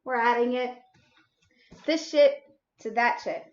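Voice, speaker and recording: A woman's voice: a little high, takes it slowly, muffled recording, noisy background. A woman hosting a baking livestream, chatting casually with sassy, playful teasing and casual swearing. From United States. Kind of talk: casual chat while baking.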